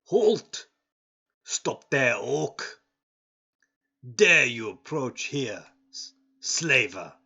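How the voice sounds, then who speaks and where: A man voicing a jovial male dwarf guard who shouts from a wall and then greets an old friend heartily. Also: mid-range voice, sing-song, extremely slow, vocal fry, pauses often, husky, pitched above the performer's own voice, heavily acted. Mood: hostile. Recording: dull lo-fi sound.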